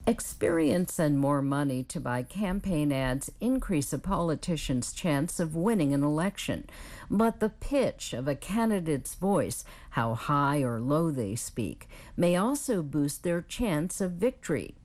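Woman, news reporter, low voice, measured scripted read. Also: big pitch swings, a little mellow.

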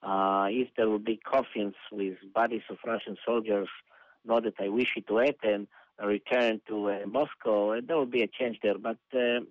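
A male analyst, giving measured commentary in a news interview, pausing often with "uh". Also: medium pitch, dry recording. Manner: measured, hesitant with many uhs. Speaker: analyst guest. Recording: dull lo-fi phone-like line.

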